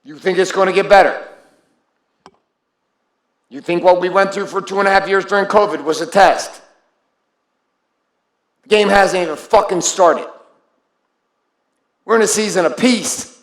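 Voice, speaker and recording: A man with a high, slightly bright voice speaks at a measured pace, pausing often, in a reverberant space. His live motivational speech to his group is blunt, intense and full of swearing, and he calls on people by name.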